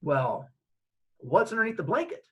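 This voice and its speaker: Guy acting out a stern police officer with a wide, swooping voice, dry and suspicious, talking down to a kid he caught in a parking lot at night. Pitched a bit higher than the storyteller's own voice. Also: huge pitch swings, normal speed, a bit bright, heavily acted.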